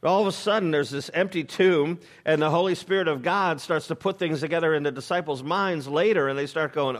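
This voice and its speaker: A man's voice: a little high, brisk, hardly any pauses. Male pastor, casual sermon delivery, humorous, lots of ums and restarts. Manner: informal, joking asides, frequent fillers and restarts. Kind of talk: conversational sermon.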